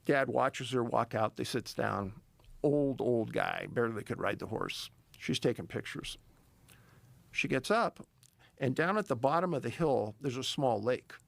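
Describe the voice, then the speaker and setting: A man's voice: mid-range voice, lively intonation, measured pace, creaky, no room sound. A middle-aged man telling a story in a casual interview, emphatic and building tension. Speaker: podcast guest, missing-persons researcher.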